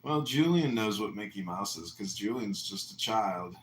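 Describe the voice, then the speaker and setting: A man's voice: lowish voice, lively intonation, normal speed, fairly bright tone. A man hosting a casual audio room chat, full of crude mocking jokes. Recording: roomy echo, faint noise.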